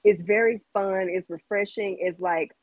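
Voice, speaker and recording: A woman's voice: mid-range voice, steady tone, normal speed, dry recording, lo-fi sound. Upbeat Southern woman singer, chatting. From Jackson, Mississippi. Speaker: guest singer in an R&B group. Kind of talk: casual interview chat.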